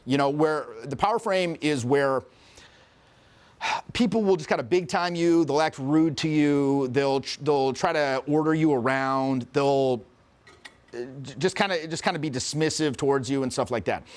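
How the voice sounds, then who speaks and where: Profane, animated middle-aged man coach. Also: fairly high pitch, normal speed. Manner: profane, animated, acts out quoted voices. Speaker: social skills coach. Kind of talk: casual storytelling interview.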